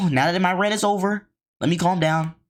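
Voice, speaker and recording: A man's voice: high voice, fairly even intonation, moderate pace. A man hosting a reaction video, ranting in slangy, riled-up commentary and mocking people in put-on voices.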